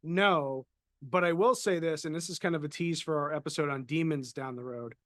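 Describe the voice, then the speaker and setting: A man's voice: on the high side, brisk, a bit bright, dry recording, studio quality. A man co-hosting a casual podcast, chatting easily and reading out viewer questions. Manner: conversational, reads out viewer questions. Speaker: co-host, paranormal consultant.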